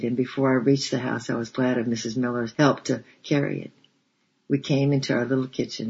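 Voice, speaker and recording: A man narrating a storybook in a measured, steady reading voice. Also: mid-range voice, creaky, husky. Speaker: audiobook narrator. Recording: dull lo-fi recording.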